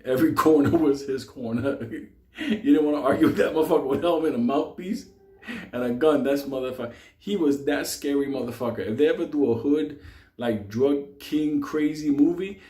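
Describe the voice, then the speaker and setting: A man telling a neighborhood story casually, profane and animated, laughing often. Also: on the high side, normal speed, reverberant.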